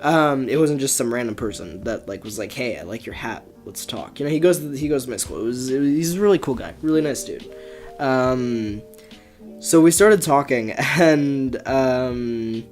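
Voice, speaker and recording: A man's voice: mid-range voice, expressive, moderate pace, a little mellow, faint music behind. Rambling young man hosting a podcast. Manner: rambling, full of fillers and restarts, laughs often. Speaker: podcast host. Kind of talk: casual rambling storytelling.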